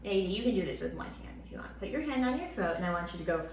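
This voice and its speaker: Woman teacher, lively and encouraging with kids, swooping voice, roomy sound. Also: mid-range voice, rapid-fire, a little hiss or hum. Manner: lively, encouraging, speaks to children. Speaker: Sunday school teacher. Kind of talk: children's lesson. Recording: roomy room sound with faint ambience.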